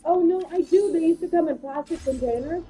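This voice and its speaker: A woman's voice: very high-pitched, a little fast, dark tone, soft background music, poor audio. A woman chatting casually while playing a game, telling stories bluntly and swearing freely. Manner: blunt, profane storytelling. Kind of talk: casual chat.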